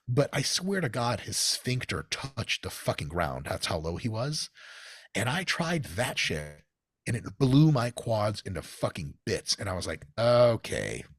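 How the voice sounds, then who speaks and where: A man's voice: fairly low pitch, no room sound, studio quality. An American man telling gym stories in a casual, profane podcast chat. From United States. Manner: profane, storytelling, animated. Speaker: guest.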